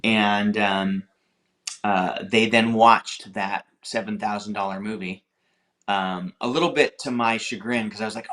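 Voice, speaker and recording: A man's voice: on the low side, fairly even intonation, a little slow, a bit bright. A man, a film director guest, talking earnestly and encouragingly about his career in an interview. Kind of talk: casual interview chat.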